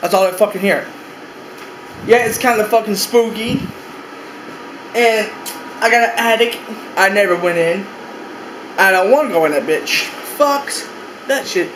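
A man's voice: high-pitched, unhurried, pauses often, fairly bright tone, reverberant, a little hiss or hum, rough recording. A young man vlogging casually from his bedroom, rambling, swearing a lot and repeating himself. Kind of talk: casual room-tour vlog.

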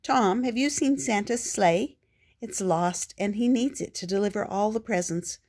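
A woman voicing an excitable young male puppy in a storybook, with an eager, bouncy, raised voice. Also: medium pitch, measured pace, voice pushed up, lightly acted.

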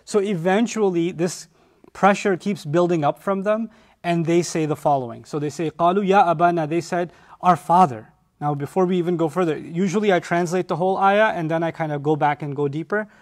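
A man giving a conversational Quran lesson, animated, explaining by acting out what people say. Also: a little high, a little fast. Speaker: Quran teacher.

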